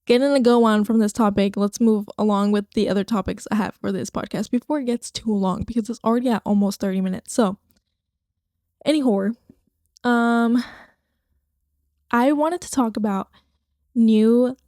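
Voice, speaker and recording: Young woman rambling on her podcast, mellow tone, dry close sound. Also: fairly high pitch, fairly even intonation, moderate pace, pauses often, no room sound. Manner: rambling, chatty, swears casually. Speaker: podcast host. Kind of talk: casual solo podcast chat. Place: home, recording to her computer screen. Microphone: podcast microphone.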